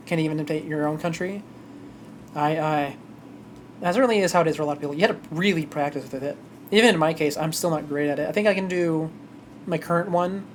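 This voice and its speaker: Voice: medium pitch, a little hiss or hum. A streamer chatting casually during a live game playthrough, rambling and correcting themselves mid-thought. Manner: rambling, self-correcting asides.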